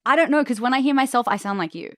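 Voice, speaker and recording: A woman's voice: sits high, very fast, no echo, studio quality. A woman with an Australian accent, chatting and laughing easily as a guest on a podcast. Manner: laughing, easygoing banter. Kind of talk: casual podcast chat.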